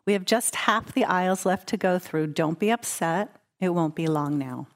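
A woman voicing a calm, patient young mother who talks in a soothing, serene way, in a story she tells. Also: lowish voice, moderate pace, close to an everyday voice.

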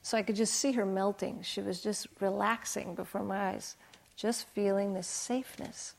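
A woman meditation teacher giving a dharma talk, speaking gently and often dropping to a soft hush as she retells a guided session. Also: medium pitch, steady tone, normal speed, creaky. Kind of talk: dharma talk with retold dialogue.

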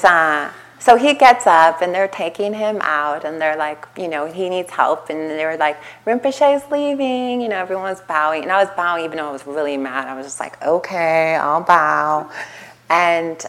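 A woman meditation teacher giving a dharma talk at a retreat center, telling a story with lively acted-out quotes and frequent laughter. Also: sits low, moderate pace, low-quality recording. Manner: animated storytelling, acting out quotes, laughing often.

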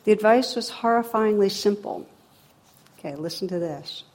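A woman's voice: medium pitch, moderate pace, a little mellow. A middle-aged woman giving a dharma talk as a meditation teacher, wry and humorous, then reflective.

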